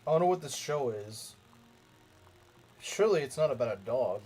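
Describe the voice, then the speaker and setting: A man's voice: mid-range voice, lively intonation, normal speed, darkish tone, husky. A young man commenting casually on a strategy game as he plays, rambling, repeating himself and making jokey asides to his chat. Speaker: let's play streamer.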